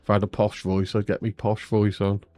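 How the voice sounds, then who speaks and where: A man's voice: on the low side, flat delivery, fairly quick, mellow, no room sound, faint music behind. A man streaming his sim racing, chatting casually and self-deprecatingly with lots of fillers while he waits for an interview. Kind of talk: casual live-stream chat.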